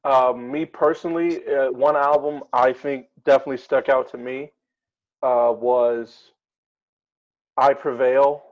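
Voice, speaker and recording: A man's voice: medium pitch, fairly even intonation, unhurried, lo-fi sound. A man co-hosting a casual chat, talking hesitantly with many ums and uhs. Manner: hesitant, many fillers while reading lists. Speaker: podcast co-host.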